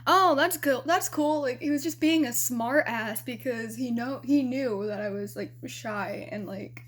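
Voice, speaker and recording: Young woman, fairly high voice, chatty and giggly, casual vlog storytelling, swears freely. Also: unhurried, a little mellow. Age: young adult. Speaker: vlogger.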